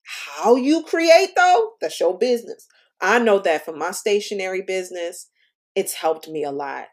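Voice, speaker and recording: Woman, podcast guest, lowish voice, animated, chatty storyteller. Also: moderate pace. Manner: lively, animated storytelling, calls the listener girl. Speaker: podcast guest, stationery shop owner. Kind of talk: casual interview chat.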